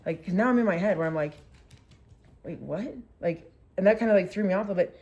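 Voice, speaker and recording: A woman in her twenties, a vlogger casually retelling a story with lively acted quotes and lots of "like". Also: mid-range voice, rapid-fire.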